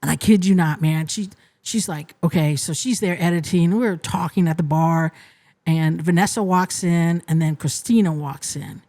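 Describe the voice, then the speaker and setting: A woman guest on a podcast retelling an experience in an animated, casual way, often restarting her sentences. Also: lowish voice, normal speed. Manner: animated retelling, frequent restarts and "you know". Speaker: interview guest, restaurant co-manager. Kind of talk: casual storytelling.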